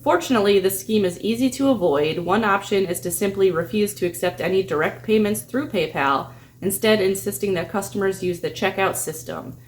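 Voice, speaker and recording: A woman's voice: mid-range voice, a little fast, few pauses, a little hiss or hum. A woman telling a story in a crafting vlog, playful and mocking. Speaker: crafting YouTuber.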